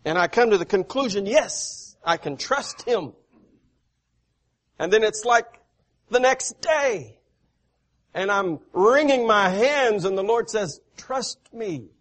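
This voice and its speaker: A male preacher giving a sermon, reading scripture aloud and swelling loud on key phrases. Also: high voice, animated, slow pace, long pauses.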